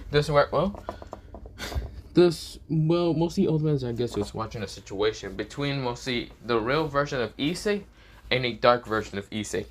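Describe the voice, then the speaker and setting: A man's voice: medium pitch, fairly bright tone, a little hiss or hum. Rambling man narrating a fan story. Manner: rambling, many fillers and restarts, swearing. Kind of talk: casual improvised story narration.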